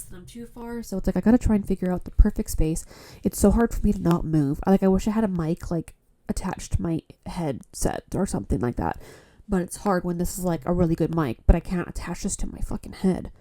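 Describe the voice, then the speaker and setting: Podcast host: a worn-out woman from Canada with a blocked nose, mellow tone, blunt and profane, chatting solo into a phone. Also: fairly low pitch. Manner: rambling, frank, swears often. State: stuffy nose; tired. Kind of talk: casual solo podcast chat. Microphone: phone mic.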